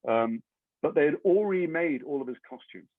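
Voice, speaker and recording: English guy rambling thru funny career stories, quick, sounds like over the phone. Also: on the high side, animated, dry recording. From England. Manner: rambling anecdotes with self-deprecating humor. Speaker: actor guest. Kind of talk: interview storytelling. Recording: tinny phone-like line, dry.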